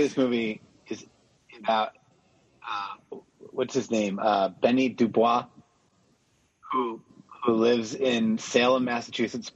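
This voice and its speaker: Husky-voiced man chatting on a podcast. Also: medium pitch. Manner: chatty, stumbling restarts, laughs often. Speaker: podcast co-host. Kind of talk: casual chat. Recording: dull lo-fi sound.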